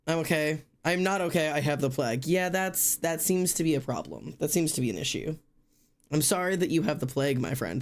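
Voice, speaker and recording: Young Midwestern male streamer with a slightly high voice, casual and rambling. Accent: Midwestern American. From American Midwest. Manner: rambling, self-correcting, chatty. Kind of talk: casual live-stream chat. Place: home streaming room.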